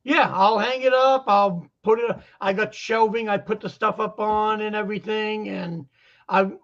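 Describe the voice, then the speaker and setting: Boston-accented man, chatty joker, high pitched, slightly muffled sound. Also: unhurried. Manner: joking, animated storyteller. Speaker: guest vendor. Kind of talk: casual chat. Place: lives in Florida.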